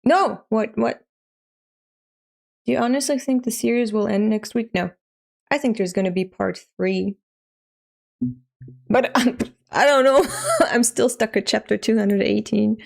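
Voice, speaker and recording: A woman in her thirties from Europe talks to her live stream in a loose, chatty way. She laughs often and swears offhand. Her voice carries a gravelly fry. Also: mid-range voice, steady tone, normal speed, a little mellow. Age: 30s. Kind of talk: casual live-stream chat.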